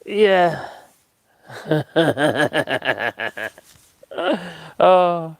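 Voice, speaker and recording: A man's voice: high-pitched, animated, drawn-out words, long pauses, clean tone, no echo. A middle-aged man, hosting a casual live stream, chatting, laughing often and making mocking asides as he reads out comments. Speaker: live-stream host reading chat. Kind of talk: casual chat.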